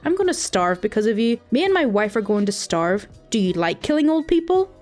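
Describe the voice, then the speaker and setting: A woman's voice: on the high side, big pitch swings, fairly quick, darkish tone. A grumpy elderly man who won't let go of a complaint, voiced by a woman telling a story. He sounds indignant and stubborn, every sentence an accusation. It's a storytime reading with faint music underneath. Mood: angry. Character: grumpy elderly man calling his bank.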